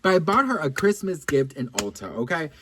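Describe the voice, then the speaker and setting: This celebrity-gossip vlogger has a voice on the high side and talks a little fast, with a bit of hiss or hum in the audio. Campy and gossipy, he chats to camera, cursing often, saying "girl" constantly, and wandering through asides and restarts.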